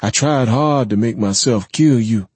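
Man doing a cold, calm ancient man, husky. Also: mid-range voice, unhurried, no echo, pitched above the performer's own voice. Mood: earnest.

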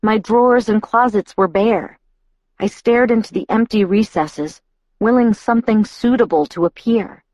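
A woman's voice: medium pitch, no room sound. A woman reading a novel aloud in the first person, reflective and inward. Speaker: audiobook narrator.

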